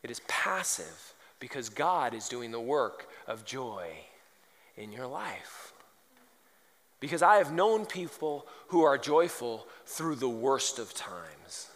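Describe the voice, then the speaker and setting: A man's voice: medium pitch, sing-song, takes it slowly. A man preaching a sermon, firing off rhetorical questions and telling humorous stories. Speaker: pastor. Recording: long hall reverb.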